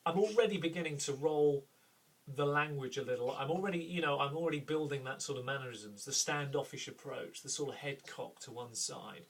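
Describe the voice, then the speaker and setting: Chatty middle-aged man with a husky voice. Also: fairly high pitch, brisk, far from the mic. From United Kingdom. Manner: chatty, self-deprecating, thinking aloud. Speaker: host, game master. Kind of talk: tips talk for tabletop game masters.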